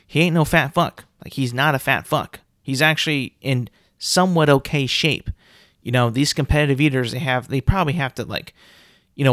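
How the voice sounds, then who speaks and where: A man on his podcast mic, ranting with loud, swearing exasperation. His voice swings widely up and down as he riffs. The sound is close and dry, with no room echo at all. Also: on the high side. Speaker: podcast host. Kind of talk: solo comedic rant.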